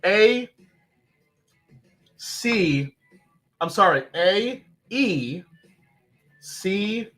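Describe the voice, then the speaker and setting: A man hosting a casual livestream in a fairly high, bright voice. He talks in a loose, joking way, swears freely, and his pitch moves a lot. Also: animated, very slow, pauses often, faint music behind. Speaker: livestream host. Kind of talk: casual live chat.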